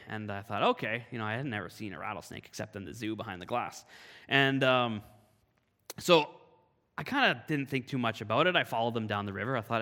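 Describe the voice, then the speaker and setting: A man from Canada giving a sermon, telling a personal story in a lively, animated way. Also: fairly low pitch, brisk. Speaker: pastor. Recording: long hall reverb.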